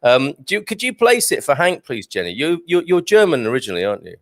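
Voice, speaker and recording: A man's voice: fairly high pitch, huge pitch swings, fast talker, no room sound. A man hosting a casual morning live stream, chatting, laughing often and reading out viewer greetings and news. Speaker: host.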